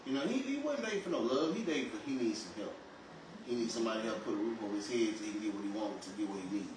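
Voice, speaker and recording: A man's voice: fairly low pitch, lively intonation, very fast. A man co-hosting a podcast, speaking in a casual, colloquial and reflective way. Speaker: podcast co-host. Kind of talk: casual chat. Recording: echoey room, far from mic, noisy.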